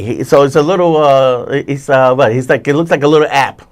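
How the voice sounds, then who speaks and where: A man hosting a casual chat about movies and TV, rambling with many restarts and self-corrections. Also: mid-range voice. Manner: puts on quick voices when retelling scenes. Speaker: host.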